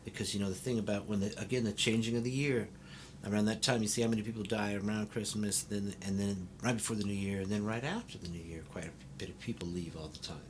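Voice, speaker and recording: Animated, foul-mouthed middle-aged man. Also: lowish voice, fast talker, a little hiss or hum. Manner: animated, profane and blunt, laughs often. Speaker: host. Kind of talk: casual interview chat.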